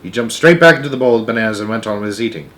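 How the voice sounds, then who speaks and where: A man reading a children's book aloud in a measured, steady storytelling voice. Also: fairly low pitch.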